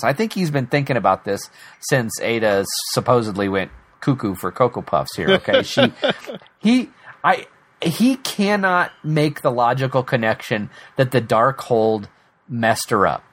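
A man's voice: medium pitch, a bit bright, breathy edge. A man co-hosting a casual TV episode recap, laughing often and restarting his sentences. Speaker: podcast co-host.

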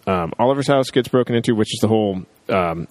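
A man's voice: lowish voice, animated, quick pace, darkish tone, no echo. A man co-hosting a casual TV recap podcast, rambling with lots of fillers and restarts. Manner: chatty, rambling with fillers, acts out quoted lines. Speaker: podcast co-host.

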